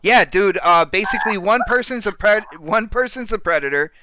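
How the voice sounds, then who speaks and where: A man hosts a loose panel chat with a bright, clean tone that sits a bit high for a man. He sounds excitable and teasing, leaning on dude and man. The sound is dry and close. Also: moderate pace, dry recording. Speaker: podcast host.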